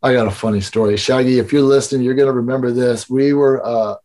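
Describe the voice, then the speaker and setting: Man, casual storytelling chat, loose, rambling, swears a lot, middle pitch. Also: steady tone, fast, warm tone. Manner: loose, swearing, many fillers. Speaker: guest.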